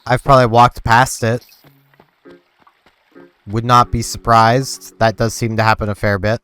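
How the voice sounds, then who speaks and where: A young man on his gaming channel talks in an unhurried, clean, mid-range voice, rambling relaxedly and saying "like" a lot. Game music plays faintly as he chats.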